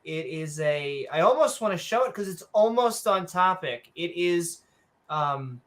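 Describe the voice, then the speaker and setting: A man's voice: fairly high pitch, animated, unhurried, fairly bright tone. A man co-hosting a skeptic podcast, ranting casually with profanity and frequent restarts. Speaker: podcast co-host. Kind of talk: casual reaction commentary.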